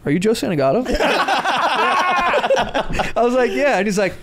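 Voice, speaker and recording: A man's voice: sits high, lively intonation, very fast. A man co-hosting a podcast, telling a rambling anecdote in casual chat, laughing and swearing. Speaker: podcast co-host.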